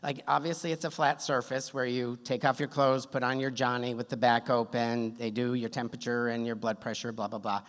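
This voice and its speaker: A man's voice: mid-range voice, level tone, a little fast, hardly any pauses. A man telling a funny true story on stage at a story slam, wry and self-deprecating, with a good sense of timing. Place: stage in a theater hall. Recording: long hall reverb, on stage.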